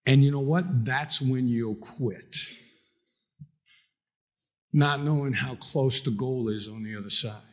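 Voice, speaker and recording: A man's voice: medium pitch, slow, long pauses. A man speaking on a conference stage, coaching the audience and asking them direct questions. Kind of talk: motivational conference talk.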